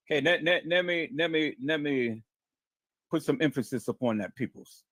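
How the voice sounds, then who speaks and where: A man's voice: on the high side, moderate pace, bright, forceful tone, dry recording. A man hosting a live stream, reading a report aloud in a dramatic way, stammering and repeating words as he calls out to his viewers.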